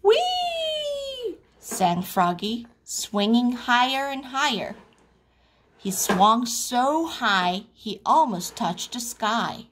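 A woman reads a children's picture book aloud in a playful style. Her fairly high voice moves a lot, and she takes her time over each line. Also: slow pace, background noise. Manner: animated, playful sound effects. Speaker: storyteller.

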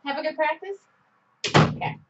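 Middle-aged woman hosting a live art stream: chatty, rambly, quick laughs, fairly high voice, muffled lo-fi audio. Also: very noisy. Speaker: art instructor. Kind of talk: live-streamed painting session chat.

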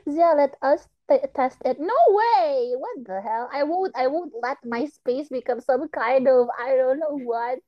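A woman's voice: sits high, a little slow, few pauses, highs cut off. A woman hosting a casual livestream chat, confused, giggly and apologetic. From Indonesia. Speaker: livestream host.

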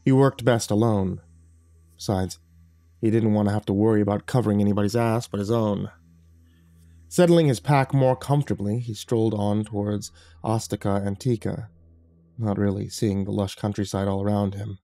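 A man reading a horror story aloud in steady, measured scripted narration. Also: on the low side, no room sound. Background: faint background music.

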